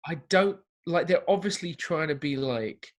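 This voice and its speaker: A man's voice: a little high, expressive, moderate pace. A man from Essex with an Essex English accent, chatting casually as a podcast co-host over a remote call, with frequent fillers and casual swearing. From England, Essex. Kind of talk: casual chat.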